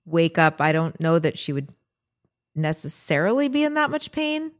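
Woman, podcast co-host, slightly low voice, casual chat, brief reactions. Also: sing-song, normal speed.

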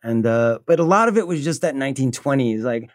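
A man's voice: medium pitch, animated, brisk, no room sound, clean studio sound. A man, an actor guest on a casual chat, telling stories and acting out the lines he quotes. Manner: rambling storyteller, acts out quotes.

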